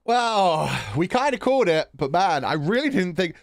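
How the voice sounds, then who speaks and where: Profane, animated male game streamer. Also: sits high, unhurried, hardly any pauses, dry recording. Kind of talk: casual gaming commentary.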